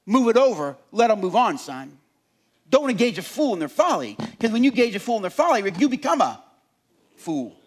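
A man voicing God as a patient father gently rebuking an angry driver in a sermon illustration. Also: high voice, big pitch swings, a little fast. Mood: gently scolding.

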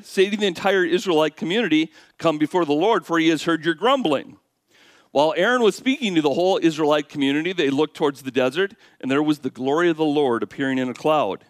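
A man preaching a sermon, animated, swinging from hushed asides to loud exclamations. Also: a little high, no echo, clean studio sound. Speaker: pastor.

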